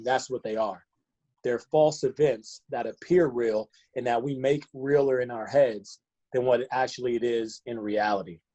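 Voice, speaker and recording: A man's voice: mid-range voice, warm tone, highs cut off. A man, a fitness coach, giving a motivational talk over a video call, earnest and fond of rhetorical questions.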